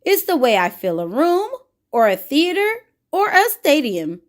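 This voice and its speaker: Reading a picture book aloud to children, a woman voices a boastful showbiz cheese craving attention. Her high, very animated voice is pompous and showy, stretching out the bragging.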